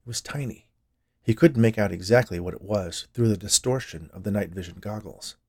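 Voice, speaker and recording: Brief: male podcast storyteller, lower voice, expressive scripted narration. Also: brisk, slightly rough.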